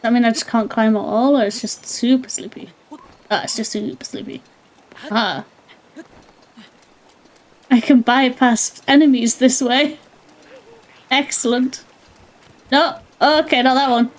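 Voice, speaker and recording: High-voiced woman streaming a game. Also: steady tone, measured pace, long pauses. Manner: playful, laughs often, apologizes in mock panic. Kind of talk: casual gaming commentary.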